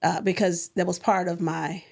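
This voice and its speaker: Woman with a gravelly, creaky voice. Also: on the low side, normal speed. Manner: animated storyteller, acts out quoted voices. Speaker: podcast guest, singer. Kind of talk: casual testimony chat.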